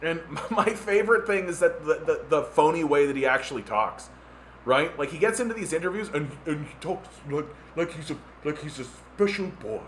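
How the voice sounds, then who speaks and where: A man's voice: a little high, animated, moderate pace, fairly bright tone, slight background noise. A Canadian man hosting a podcast, ranting casually with sarcastic mockery and many filler words. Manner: sarcastic, mocking impressions, lots of "like" fillers. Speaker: podcast host.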